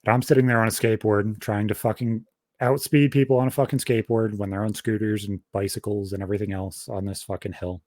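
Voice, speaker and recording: A man's voice: lowish voice, fairly even intonation, fast, a little mellow. Profane, rambling young man telling a story. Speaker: podcast host. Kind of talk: casual storytelling.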